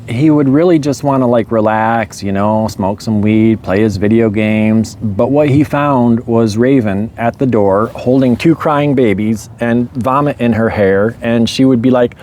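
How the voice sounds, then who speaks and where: A man's voice: medium pitch, slight background noise. Laid-back man rambling through a story. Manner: relaxed, rambling, chuckles often. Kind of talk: casual storytelling monologue.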